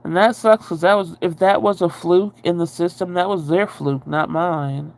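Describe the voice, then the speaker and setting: A woman's voice: fairly low pitch, fairly even intonation, normal speed, darkish tone. Rambling, chatty woman on a livestream. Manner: rambling and chatty, reads and answers viewer comments, swears casually. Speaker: livestream host. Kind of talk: casual livestream chat.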